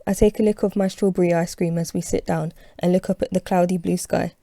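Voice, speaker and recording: A woman's voice: lowish voice, fairly even intonation, fairly quick, gravelly, warm tone, no echo, studio quality. A woman reading her own novel aloud as an audiobook, telling it in the first person with expression. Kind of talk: audiobook narration.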